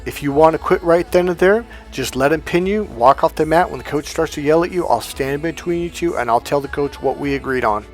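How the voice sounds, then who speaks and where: A man with a slightly high voice tells a personal story in a loose, casual way. He is animated and swears freely, and jumps up loud when he acts out what people said. Faint music plays behind him. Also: fairly quick, few pauses. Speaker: motivational coach.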